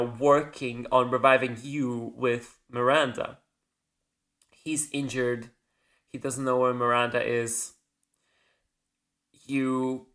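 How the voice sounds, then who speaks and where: A man's voice: medium pitch, a bit bright. A man hosting a casual solo podcast, rambling and correcting himself as he goes, with the odd casual swear. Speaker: podcast host.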